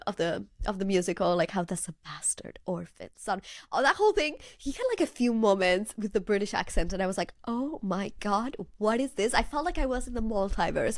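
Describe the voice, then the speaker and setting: A woman's voice: medium pitch, dry recording. Chatty woman podcast host, dry sound. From Spain. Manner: chatty, animated storyteller with many fillers. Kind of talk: casual chat.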